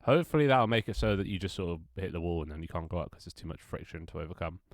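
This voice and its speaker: A man's voice: sits low, expressive, racing, no echo, clean studio sound. Stuffy-nosed man streaming. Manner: rambling, self-mocking, swears casually. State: stuffy, congested nose. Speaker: game developer streaming live. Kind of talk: casual live-stream chat.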